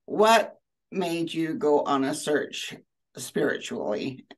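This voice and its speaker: A woman interviewer with a low voice asks questions slowly and deliberately. Her tone carries gravelly fry, and she sounds a little far from the mic. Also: animated.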